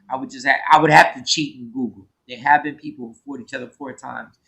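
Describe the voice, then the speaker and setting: A man's voice: mid-range voice, fairly even intonation, brisk, creaky, few pauses, a bit bright, low-quality recording. A man in casual chat, thinking aloud about a question with emphatic bursts.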